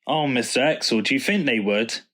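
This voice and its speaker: A man voicing a childlike talking car in a storybook reading, quick and pleading. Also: mid-range voice, a bit bright, lightly acted.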